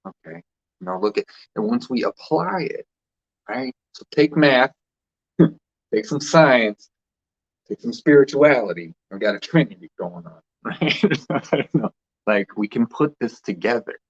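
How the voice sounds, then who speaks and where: Man host musing aloud in a loose, rambling way; mid-pitched, slightly dull recording. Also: lively intonation, measured pace, creaky. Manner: loose and rambling, with frequent restarts and laughs. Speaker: spiritual vlogger host. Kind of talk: rambling casual monologue.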